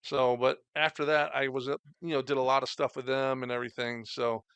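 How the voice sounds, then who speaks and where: Creaky-voiced man telling stories. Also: mid-range voice, little pitch movement, fairly quick, fairly bright tone, dry recording. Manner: rambling, many "you know" fillers. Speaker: podcast guest, former wrestler. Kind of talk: casual storytelling chat.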